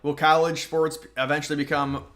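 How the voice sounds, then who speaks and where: A young man with a fairly high, flat, brisk and slightly bright voice hosts a political livestream. He reads the chat and answers in a loose, slangy way, reacting to comments and letting his sentences trail off.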